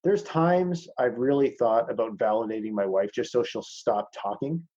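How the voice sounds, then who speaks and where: A man's voice: mid-range voice, moderate pace, warm tone, highs cut off. A man teaching a masterclass in casual talk over a video call. He is blunt, swears freely and calls his listeners "man".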